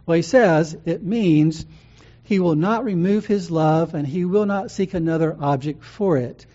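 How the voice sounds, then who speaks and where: A man's voice: a little high, dark tone. A man preaching a sermon as pastor, teaching in a conversational way with frequent ums and restarts. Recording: muffled lo-fi sound.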